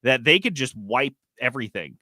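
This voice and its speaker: A man co-hosting a gaming podcast, reading news and ranting in a casual, animated way with frequent swearing. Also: medium pitch, moderate pace, no room sound, studio quality. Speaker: podcast co-host.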